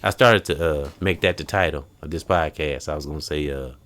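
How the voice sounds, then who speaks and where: A man hosting a casual podcast, telling stories in an animated way and acting out quotes. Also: very deep voice, brisk, a little hiss or hum. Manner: animated storytelling, acts out quotes. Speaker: podcast host.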